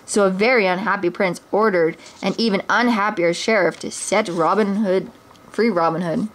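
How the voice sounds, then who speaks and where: A woman's voice: medium pitch, moderate pace. A woman, a mother, reading a children's storybook aloud expressively, now and then stumbling and restarting a word.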